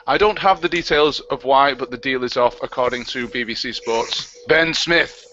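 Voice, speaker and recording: A man's voice: mid-range voice, normal speed, pushed and bright, a little hiss or hum. A man chatting casually as a podcast co-host, reading out news with a teasing edge. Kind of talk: casual chat. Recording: lo-fi audio with chatter behind.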